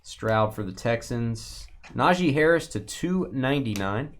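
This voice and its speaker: Hosting a live sports card break, a man with a medium-pitched, animated voice reads out names and teams in quick bursts and jokes with viewers.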